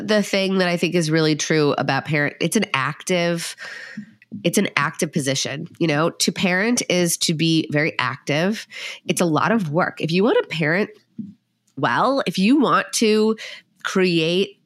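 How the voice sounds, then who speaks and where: A woman's voice: on the low side, expressive, a little slow, no echo, clean studio sound. A woman hosting a podcast interview, talking in a thoughtful, earnest way about coaching parents.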